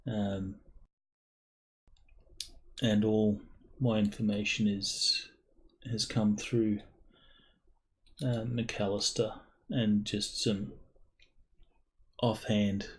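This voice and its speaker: A man's voice: lowish voice, flat delivery. A man doing a businesslike hired consultant. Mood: matter-of-fact. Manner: halting, measured delivery with fillers. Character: male paid consultant, plain-spoken and businesslike. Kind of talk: in-character dialogue in an online tabletop game.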